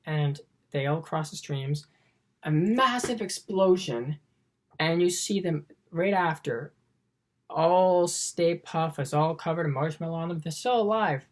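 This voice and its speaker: A woman's voice: low-pitched, moderate pace, darkish tone. A woman giving a rambling, enthusiastic scene-by-scene movie recap, chaining events together with "and then.". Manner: enthusiastic, often says she loves it. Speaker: film reviewer.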